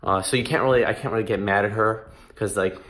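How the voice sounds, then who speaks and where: A man's voice: fairly low pitch, quick pace, a bit bright, slight background noise. A man in his twenties talking earnestly in a casual vlog, emphatic and given to restarts. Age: 20s. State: emotional, close to tears. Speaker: vlogger.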